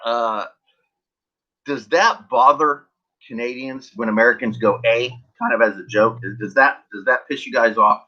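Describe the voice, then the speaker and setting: A man's voice: mid-range voice, normal speed, pushed and bright. A man hosting a casual live stream chat, blunt and rambling, with frequent chuckles. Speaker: livestream host. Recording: dull lo-fi stream audio.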